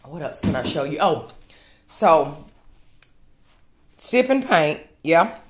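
Lady rambling to y'all at her table, low voice, takes her time, noisy home audio. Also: very animated, slow pace. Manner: rambling, chatty, talks to viewers as "y'all". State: out of breath. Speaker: vlogger. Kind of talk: casual chat to camera.

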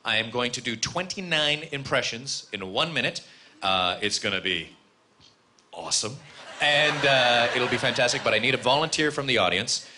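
A man doing stand-up in a comedy club, telling a story and jumping into loud, high-pitched character voices. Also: expressive, normal speed. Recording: live club recording with audience noise. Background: audience laughter.

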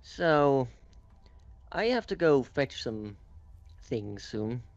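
A man voicing his character in a tabletop game, speaking smoothly and persuasively. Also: mid-range voice, sing-song, drawn-out words, no room sound, dull audio. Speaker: player. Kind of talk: in-character tabletop role-play.

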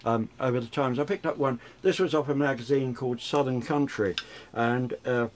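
Chatty older radio DJ. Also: male voice, mid-range voice, normal speed. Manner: chatty, rambling, frequent restarts. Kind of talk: reminiscing interview.

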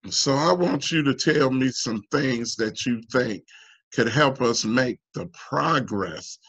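A man from the United States giving halting, emotional personal testimony in an online town hall, full of restarts and fillers, his pitch climbing when he pleads. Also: fairly bright tone, slightly rough. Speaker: union member asking a guest.

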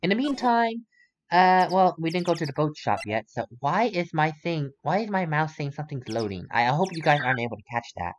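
A young man casually narrating gameplay, rambling and correcting himself as he goes. His pitch swings about a lot, animated and expressive, with faint hiss in the background. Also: a little fast. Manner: rambling, self-correcting, grumbly asides. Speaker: let's play host.

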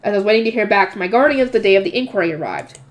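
A woman's voice: mid-range voice, lively intonation, rapid-fire, lo-fi sound. A woman reading a light novel aloud and stopping now and then for casual comments. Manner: breaks off for chatty comments and laughs at herself.

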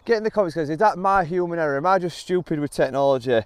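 A man's voice: a little high, fast, clean tone, no room sound. A man chatting candidly to camera, talking viewers through setting up a golf gadget at an outdoor range, filmed on a phone. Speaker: golf vlogger. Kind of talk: casual vlog chat to camera. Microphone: phone camera recording.

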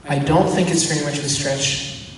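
A priest giving a teaching talk, animated and acting out the voices of the people in his story. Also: fairly high pitch, moderate pace, background noise. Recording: echoey church hall from far off.

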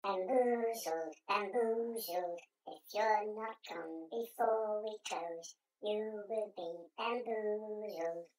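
A man voicing the Grinsters, magical creatures in a children's audio story, in a slow sing-song chant that sounds distant and airy. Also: extremely high pitch, animated, creaky, bright, forceful tone, slight background noise, voice pushed up, full character voice. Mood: warning.

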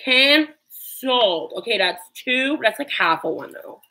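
A woman's voice: medium pitch, expressive, moderate pace, sharp tone, slight background noise, poor audio. A woman chatting casually on a livestream while she cooks in her home kitchen, nervous and self-deprecating, with sudden yelps. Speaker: livestream cooking host.

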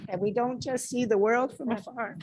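A woman's voice: a little high, steady tone, moderate pace, background noise. A woman co-curator giving opening remarks at a museum exhibition in a friendly, self-deprecating, conversational way. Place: museum event space.

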